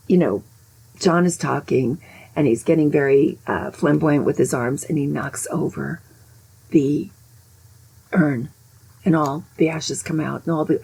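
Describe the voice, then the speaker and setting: An older woman tells stories in a casual, chatty flow, often restarting her sentences and adding asides. Her voice sits low and is full of gravelly fry. It is husky and dark, with a mellow, breathy tone. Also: poor audio. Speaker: host. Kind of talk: casual storytelling.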